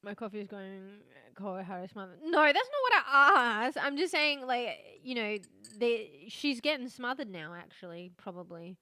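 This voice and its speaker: A woman's voice: fairly high pitch, sing-song, normal speed, hardly any pauses, bright, forceful tone, dry recording. A woman streaming a horror game, chatting casually with lots of swearing, laughing as she talks. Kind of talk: casual live-stream commentary.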